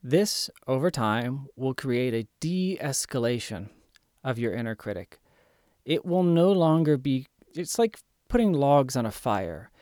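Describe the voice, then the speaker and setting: A man's voice: mid-range voice, big pitch swings, measured pace, darkish tone, no echo, clean studio sound. A man giving earnest, emphatic self-help instruction in a coaching tone. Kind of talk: motivational instruction.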